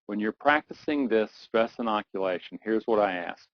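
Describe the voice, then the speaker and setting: Low-voiced man guiding a calming visualization. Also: dry recording. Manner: slow soothing guidance that builds to urgent intensity, repeating phrases. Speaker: performance coach. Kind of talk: guided visualization exercise. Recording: dull lo-fi dry recording.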